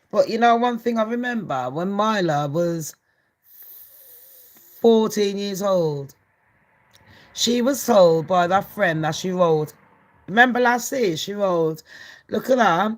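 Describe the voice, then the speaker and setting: A woman's voice: medium pitch, slow pace, long pauses. A brash woman chats through celebrity gossip for her channel. She swears freely and laughs often, with a loose, casual delivery.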